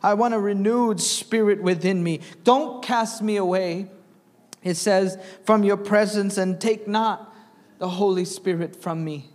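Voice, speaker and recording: Young guy preaching, reads scripture and asks the room questions, high voice, church reverb. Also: fairly even intonation, a little slow, darkish tone. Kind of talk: sermon. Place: church sanctuary.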